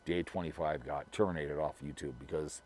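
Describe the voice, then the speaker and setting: Deep-voiced rambling middle-aged man. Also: fairly even intonation, brisk, a little mellow, slight background noise. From Minnesota, US. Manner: rambling, repetitive, gossipy with frequent restarts. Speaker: vlogger. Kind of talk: casual rambling monologue.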